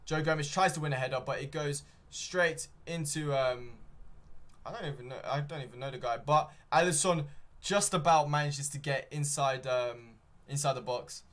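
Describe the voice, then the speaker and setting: A man's voice: a little high, normal speed, a bit bright. Young man rambling through fan commentary. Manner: rambling play-by-play with many ums and self-corrections. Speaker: fan streamer commentating a match. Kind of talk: live fan watchalong commentary.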